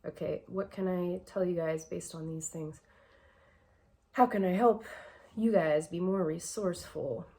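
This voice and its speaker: Woman with a low, shaky voice. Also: fairly even intonation, measured pace, mellow. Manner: emotional, reflective, rambling with fillers. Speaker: vlogger giving life advice. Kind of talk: casual personal advice vlog.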